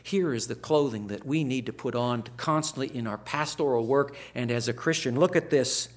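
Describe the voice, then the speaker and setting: An older man preaches a chapel sermon to students training as pastors. His voice is gravelly and mid-pitched, and he swings between loud, emphatic bursts and quiet, hushed asides.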